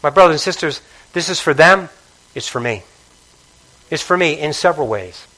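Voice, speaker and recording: A man preaching a sermon with passion, dropping to a hush and then rising to call out to the congregation. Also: fairly high pitch, animated, normal speed, low-quality recording. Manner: passionate, swings between hushed and loud, calls out to congregation.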